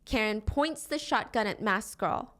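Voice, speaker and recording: A woman telling a dramatic story to friends in a casual, animated way, acting out the characters' lines as she goes. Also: mid-range voice, a little slow. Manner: animated, acts out quoted lines.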